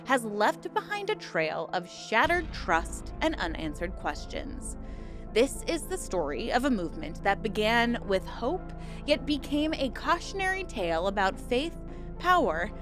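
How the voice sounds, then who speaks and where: An upbeat woman hosting a video series, mixing scripted documentary narration with playful, self-joking chat to viewers. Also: mid-range voice. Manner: upbeat, playful, jokes about herself. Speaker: true-crime and cult video host.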